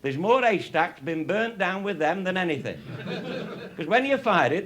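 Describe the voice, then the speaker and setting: With a high, sing-song, fairly bright voice, an older man from England unhurriedly spins salty hunting and shooting tales for a live crowd. This raconteur laughs often as he goes and shows off cartridges. The live recording is noisy.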